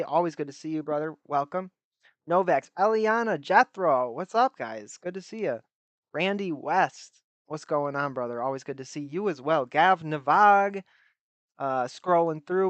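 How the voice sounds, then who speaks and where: Dude hosting a stream, rambly and casual, kinda high voice, dead dry mic. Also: male voice, a bit bright, dry recording. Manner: chatty, rambling, self-deprecating. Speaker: livestream host. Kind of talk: casual livestream commentary.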